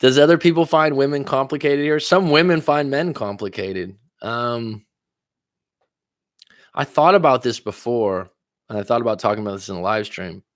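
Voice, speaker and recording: A man's voice: medium pitch, no echo, studio quality. A man coaching on relationships in a casual livestream, reading viewer comments aloud and answering with pointed questions, sometimes tripping over his words. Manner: admits talking fast after coffee, some stutters. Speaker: life coach and livestream host.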